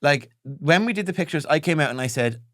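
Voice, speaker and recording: A man's voice: on the high side, animated, a little fast, fairly bright tone, no echo, studio quality. An Irish man in his thirties co-hosting a comedy podcast, telling rambling, self-mocking stories full of acted-out quotes. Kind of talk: casual comedic chat.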